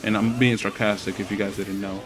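A man's voice: on the low side, brisk, crowd noise. A young man giving casual gameplay commentary, swearing and trash-talking as he plays. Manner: profane, trash-talking, excitable. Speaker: gaming commentator.

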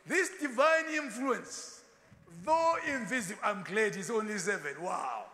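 A man preaching a sermon in a large church hall, lively and animated, acting out quotes and slipping into Ndebele asides. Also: high-pitched, takes it slowly. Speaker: pastor.

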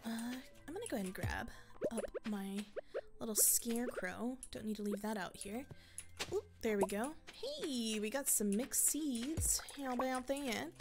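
A woman's voice: a little high, animated, measured pace, over music. A woman giving casual gameplay commentary as a let's play creator, rambling and thinking aloud with frequent laughs. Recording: loud mouse and keyboard clicks.

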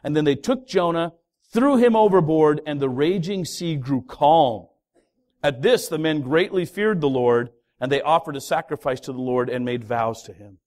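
A pastor preaching a sermon, telling a story with lively, acted-out voices of its characters. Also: male voice, a little high, normal speed. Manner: animated storytelling, acting out voices of the sailors. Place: church hall.

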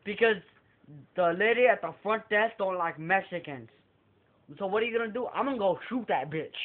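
A young man with a high voice, speaking at a moderate pace, impersonates a famous male stand-up comedian as he tells a prank story. His animated storytelling acts out the voices of several characters. The recording is tinny, lo-fi, and phone-like.

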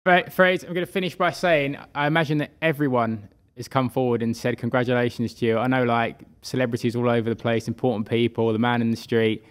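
A man's voice: medium pitch, level tone, quick pace, few pauses. A male podcast co-host in casual chat, asking long, rambling questions. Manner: chatty, asks long questions.

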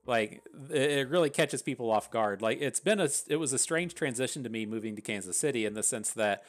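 A gaming channel host from West Virginia with a thick Appalachian accent rambles casually through his gameplay commentary, swearing freely. His medium-pitched voice is animated and a little fast.

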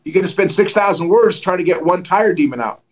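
A man telling lively stories as a guest evangelist on a livestream, acting out the quotes and joking. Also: sits high, fast, highs cut off. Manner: animated, acts out quotes, joking. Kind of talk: storytelling in a livestream conversation.

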